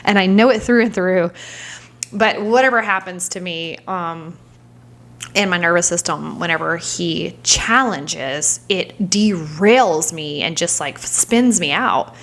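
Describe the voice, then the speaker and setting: A vlogger in her thirties tells a personal story candidly and searchingly, her voice lowish, slow and a bit bright. Sometimes she drops into a whisper as she relives a moment.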